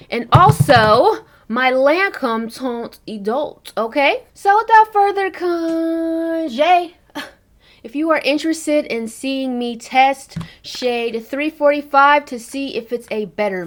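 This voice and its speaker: Sassy, chatty woman vlogger with a higher voice. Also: fairly bright tone. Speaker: beauty vlogger. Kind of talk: casual beauty vlog.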